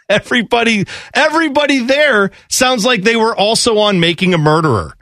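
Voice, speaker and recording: A man co-hosting a sports talk radio show, talking in a rambling, animated way and interrupting himself. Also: high voice, moderate pace, no echo, studio quality.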